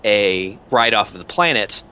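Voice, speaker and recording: A man's voice: lowish voice, expressive, measured pace, pushed and bright, smooth, lo-fi sound. A man narrating as game master, describing scenes in a loose, rambling way. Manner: loose, rambling description with many fillers and restarts.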